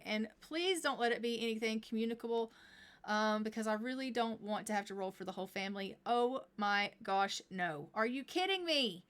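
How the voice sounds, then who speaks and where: Brief: chatty woman gameplay streamer, bright voice, a bit high. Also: clean tone. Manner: chatty, narrates what her characters say. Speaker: game streamer. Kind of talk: live gameplay commentary.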